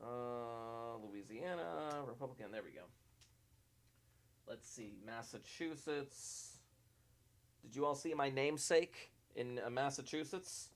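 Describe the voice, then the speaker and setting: A man's voice: mid-range voice, slow pace. A man hosting casual live-stream election coverage, talkative and self-mocking, often restarting his sentences as he checks results.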